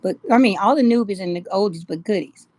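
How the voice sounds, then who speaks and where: A woman's voice: mid-range voice, fast, a little mellow. A middle-aged woman, chatting casually with viewers on a live stream, greeting them by name and laughing often. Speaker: live-stream host of a jewelry shop.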